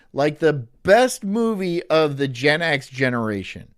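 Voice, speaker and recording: A man's voice: fairly high pitch, sing-song, unhurried, hardly any pauses. A man streaming in casual chat, ranting in an incredulous, profane way.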